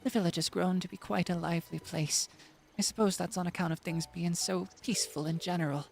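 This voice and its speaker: A man voicing an old village woman in a game, with a put-on Southern drawl, slow and soft as she reminisces. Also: sits high, steady tone, creaky, faint music behind, pitched above the performer's own voice. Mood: wistful.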